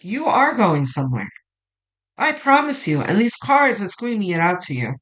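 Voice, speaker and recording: A woman's voice: on the low side, big pitch swings, moderate pace, low-quality recording. A woman giving a weekly tarot reading in an informal vlog, chatty and emphatic, swearing for emphasis and cheering her viewers on. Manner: emphatic, fired-up encouragement. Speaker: tarot reader.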